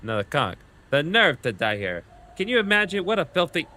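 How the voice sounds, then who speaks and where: A man reading aloud as a scheming male inventor who writes a grandiose, gruff journal. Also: on the high side, sing-song, fairly quick, bright, forceful tone, pitched above the performer's own voice. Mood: disgusted.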